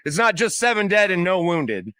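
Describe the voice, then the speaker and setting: A man's voice: sits high, big pitch swings, normal speed, pushed and bright. A man hosting a show, ranting about politics in a heated, profane way and acting out the people he quotes. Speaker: host. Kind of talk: political rant.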